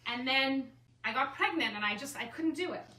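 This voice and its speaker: A woman who is an artist and designer, telling a personal story to a group in a chatty, animated way with lots of "like". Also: sits high, normal speed. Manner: chatty, animated storytelling full of "like" and self-quotes. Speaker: artist and designer speaking at a gathering. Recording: echoey room, mic far off, faint room noise.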